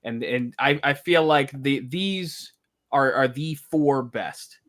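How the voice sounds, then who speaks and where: A man's voice: medium pitch, a bit bright. A man co-hosting a fan podcast, earnestly reading out award nominees with some stumbles. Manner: earnest, halting, stumbles over phrasing. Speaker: podcast co-host presenting categories. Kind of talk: casual chat.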